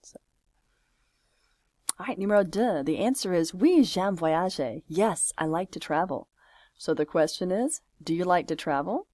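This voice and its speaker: Lady teacher going thru french homework, low-ish voice, chatty, dry close mic. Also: lively intonation, normal speed, a little mellow, no room sound. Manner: talks through each step aloud, patient and chatty. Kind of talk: screen-recorded homework walkthrough.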